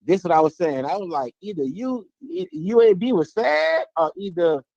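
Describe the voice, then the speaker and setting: A man's voice: sits high, sing-song, moderate pace, vocal fry, a little mellow, no room sound, highs cut off. Laid-back male caller. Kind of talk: casual sports talk.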